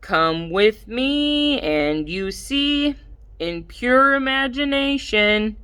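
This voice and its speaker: A woman's voice: medium pitch, animated, measured pace, bright, forceful tone, no echo. A woman voicing a playful little boy who teases and bosses in an audiobook. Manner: teasing, bossy.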